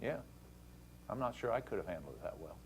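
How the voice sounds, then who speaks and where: A man hosting a talk show, telling a story to a caller in a casual, animated way and acting out the dialogue. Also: fairly low pitch, fairly quick, creaky.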